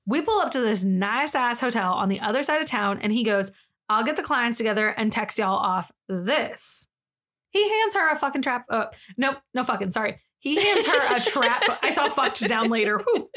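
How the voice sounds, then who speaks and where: A woman with a somewhat high voice co-hosts a casual podcast. She reads a story thread aloud in an animated, slangy retelling. She breaks into laughter often as she goes. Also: normal speed. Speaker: podcast co-host.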